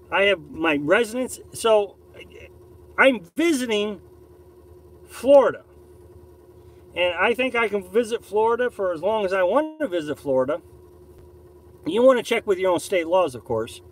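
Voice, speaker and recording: High lively-voiced man chatting on a live stream. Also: low-quality recording. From Missouri, USA. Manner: rambling, repeats and restarts, opinionated. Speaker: live-stream host reading viewer chat. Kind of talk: casual live-stream chat. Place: camper on a beach campsite.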